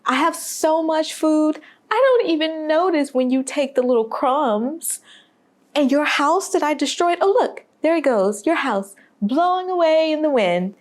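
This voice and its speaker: A smug man talks down to a small creature in a high, patronizing voice that swoops up and down, as a woman puts him on. His sympathy is plainly fake. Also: expressive, unhurried. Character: smug condescending man lecturing a mouse.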